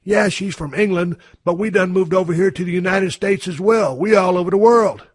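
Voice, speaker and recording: A man's voice: high-pitched, a little fast, no echo, studio quality, pitched above the performer's own voice. A man doing a foul-mouthed cocky lake monster. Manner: cocky, swearing, laid-back drawl.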